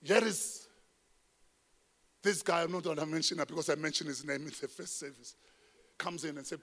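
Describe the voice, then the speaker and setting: A man with a South African accent preaching to his congregation. His voice sits high and rings bright and forceful. He tells his stories animatedly, jumping from loud calls to quiet asides. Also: normal speed, long pauses. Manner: animated storytelling preacher, swinging between loud and hushed. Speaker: pastor. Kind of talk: sermon. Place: church.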